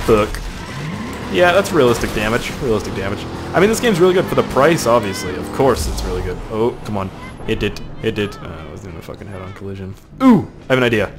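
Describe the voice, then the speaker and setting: Young man, let's-play commentary, lively swinging pitch, profane and excitable, game music behind. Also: fairly quick. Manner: excitable and heavily profane, jokey running chatter. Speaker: gaming video host. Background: game music and car sounds.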